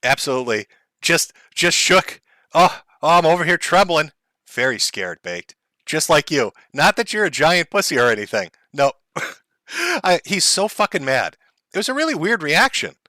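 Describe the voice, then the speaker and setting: A man hosts a casual live stream, mocking and sarcastic, swearing freely and laughing often. His voice sits a bit high and bright, and it swings up and down a lot. The sound is dry and close. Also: sing-song, moderate pace, dry recording. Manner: profane. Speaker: livestream host.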